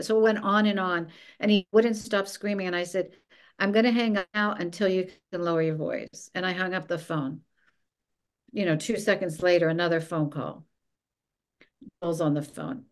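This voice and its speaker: A former film executive appears as a podcast guest, telling a story at a moderate pace in a voice on the low side. It's a casual interview, and she lively acts out the dialogue she quotes.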